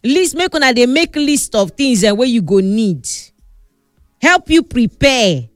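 A woman's voice: a little high, big pitch swings, measured pace, dry recording, studio quality, soft background music. Emphatic Nigerian woman giving advice. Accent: Nigerian Pidgin. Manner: scolding, emphatic, repeats for stress. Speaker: advice vlogger. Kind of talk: casual advice talk.

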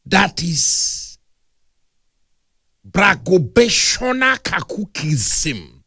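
A man with a Nigerian accent preaching a humorous, animated sermon that mixes storytelling with playful big words. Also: high voice, extremely slow, vocal fry, husky, no room sound, clean studio sound.

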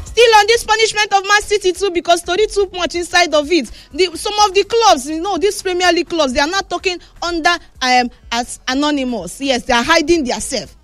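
A woman with a Nigerian Pidgin accent presenting football news, animated and emphatic, retelling quotes in a casual way. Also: very high-pitched, brisk, hardly any pauses, dry recording, soft background music. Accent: Nigerian Pidgin English.

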